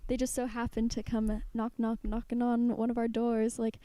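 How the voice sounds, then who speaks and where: Podcast co-host, woman, 20s; warm, relaxed tone, giggly and rambling. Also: a little high, normal speed, dry recording. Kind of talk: casual chat.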